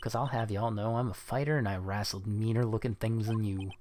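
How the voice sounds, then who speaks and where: A man voicing a brash, loud Southern woman photographer with an exaggerated drawl. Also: medium pitch, fairly even intonation, a little fast, a little hiss or hum, natural voice. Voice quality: exaggerated drawl, folksy talk.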